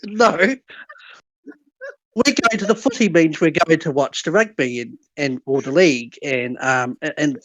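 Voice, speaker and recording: A man's voice: a little high, measured pace, low-quality recording. A man with a New Zealand accent, a guest on a podcast, patiently explaining things while giggling. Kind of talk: casual chat.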